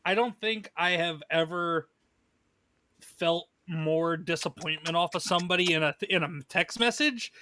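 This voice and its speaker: High-voiced, bright male stream host. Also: a little slow, no room sound. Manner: laughing, reads chat messages aloud. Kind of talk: casual live-stream chat.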